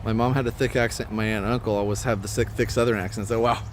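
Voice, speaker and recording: A fairly low-voiced man from Indiana hosts a live stream while walking outdoors in a park. He rambles in a friendly, filler-heavy way and stops to greet viewers. Faint traffic hums in the background. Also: steady tone, fast talker. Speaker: livestream host. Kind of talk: casual live-stream tour talk.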